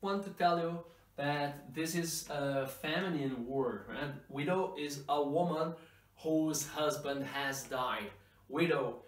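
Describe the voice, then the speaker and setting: A man teaching English pronunciation, stretching out model words slowly for learners to repeat. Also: a little high, recorded from a distance. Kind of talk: pronunciation lesson. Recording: echoey room, voice from off-mic.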